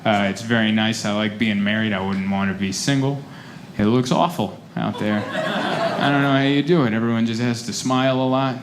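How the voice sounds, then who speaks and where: A man's voice: on the low side, normal speed. Man doing stand-up in a club. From United States. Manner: deadpan storytelling with loud animated punchlines. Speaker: stand-up comedian. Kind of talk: stand-up comedy set. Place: comedy club stage with laughing audience. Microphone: handheld stage mic. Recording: live club room with audible noise.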